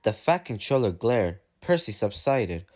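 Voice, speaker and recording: A man's voice: fairly low pitch, a little slow. A man reading a railway storybook aloud, doing voices for the characters. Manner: lively, puts on voices for characters. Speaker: narrator.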